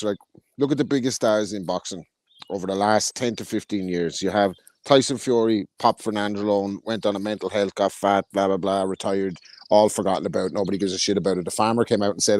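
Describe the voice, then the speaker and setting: A man's voice: lowish voice, a little mellow, no room sound. A man co-hosting a podcast, talking bluntly in casual chat with lots of swearing. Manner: blunt, heavy swearing, rapid opinionated rants. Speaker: podcast co-host.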